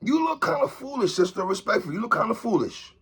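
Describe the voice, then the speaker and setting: This man, a commentary vlogger, talks fast in a high, husky voice. His animated monologue calls out a TV host, with "sister, respectfully" repeatedly tacked on.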